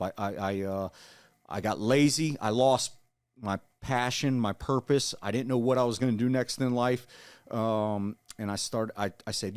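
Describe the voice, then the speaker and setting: A man in his forties telling his story in an interview, earnest and halting, with frequent restarts. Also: mid-range voice, fairly even intonation, a little mellow, clear, resonant tone. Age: 40s. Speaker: guest, Marine veteran.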